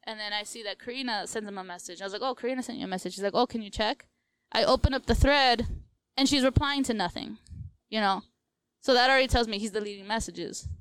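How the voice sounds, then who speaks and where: A woman's voice: on the high side, fast talker, fairly bright tone, clean tone, no room sound, poor audio. A young woman in her twenties on a casual podcast, telling a breakup story with lots of quoted back-and-forth and "like". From Latina, US.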